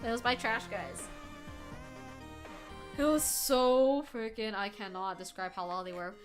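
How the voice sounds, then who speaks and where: Her voice is medium-pitched and fairly quick here, with soft music in the background. Still crafting in her room at home, the streamer chats with viewers, swears freely and reacts to the chat with loud, animated energy.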